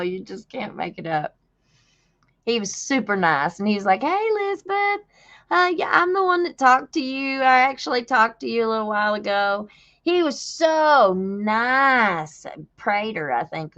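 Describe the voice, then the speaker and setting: A woman's voice: medium pitch, a bit bright, muffled recording. A woman, telling a story to her viewers in casual chat, folksy and drawling, laughing often. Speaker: livestream host.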